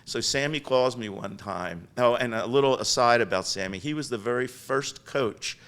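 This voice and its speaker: An older man, the guest on a podcast, telling lively stories about his business with lots of restarts. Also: medium pitch, normal speed. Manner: chatty, animated storyteller with frequent restarts. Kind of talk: storytelling interview. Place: podcast studio.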